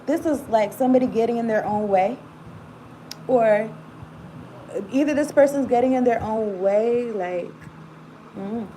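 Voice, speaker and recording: A woman's voice: fairly high pitch, unhurried, long pauses, warm tone, slight background noise, poor audio. A woman giving a casual tarot reading, rambling and talking straight to the viewer with frequent asides. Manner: rambling, casual, laughs often, talks to viewer directly. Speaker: tarot reader.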